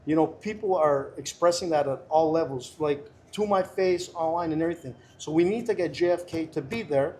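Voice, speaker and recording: Earnest middle-aged man, slightly high. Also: fairly quick, few pauses, dark tone, a little hiss or hum. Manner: emphatic, earnest and persuasive, many restarts. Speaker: political candidate guest. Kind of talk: casual interview chat.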